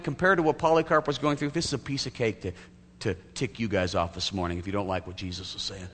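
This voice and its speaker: A man's voice: fairly low pitch, fairly even intonation, fast, fairly bright tone, breathy edge. A man preaching a sermon as pastor, telling a story vividly and acting out its scenes. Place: church sanctuary. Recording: echoey hall, faint hum.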